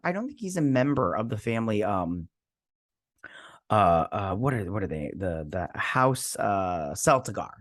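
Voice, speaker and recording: Male review host, tired, rambling slangy recap delivery, everyday mid pitch. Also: fairly bright tone. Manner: rambling, loose, slangy retelling. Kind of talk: casual episode recap.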